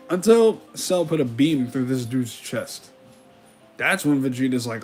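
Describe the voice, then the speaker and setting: A man's voice: medium pitch, expressive, normal speed, a little mellow, faint music behind. A man giving casual commentary on an anime, retelling scenes in slangy paraphrased quotes. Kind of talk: casual commentary with recapped dialogue.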